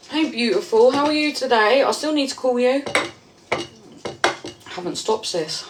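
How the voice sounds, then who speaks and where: A woman's voice: on the high side, lively intonation, a little slow, background noise. A woman, a livestreamer and new mother, chatting casually and affectionately with her viewers from home while reading out their messages.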